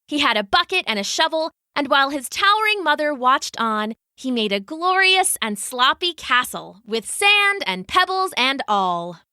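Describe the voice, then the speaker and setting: Animated female storyteller, high bright voice, dry close sound. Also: normal speed, few pauses, dry recording. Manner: expressive, animated. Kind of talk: children's story narration.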